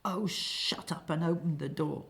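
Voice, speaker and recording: A woman voicing an exasperated, excitable man in a comic stage play, with shouty, irritated bursts. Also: sits low, a little slow, gravelly.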